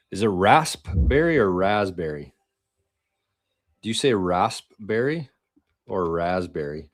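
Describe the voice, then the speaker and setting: A man's voice: low voice, no echo, clean studio sound. A man hosting a casual live-stream show, rambling loosely and swearing freely as he chats with viewers. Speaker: podcast host.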